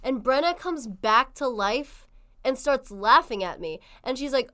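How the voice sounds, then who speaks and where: A young woman with a fairly high voice co-hosts a casual podcast chat. She tells stories in an animated way and acts out the voices of the people in them. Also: measured pace. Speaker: podcast co-host.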